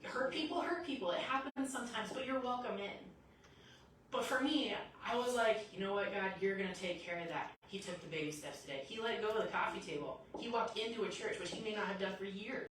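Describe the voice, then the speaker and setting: A woman's voice: a little high, fairly quick, a little hiss or hum. Woman preaching in an echoey church. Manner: lively storytelling, acts out quotes. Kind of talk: sermon. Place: church sanctuary. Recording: echoey church hall from a distance.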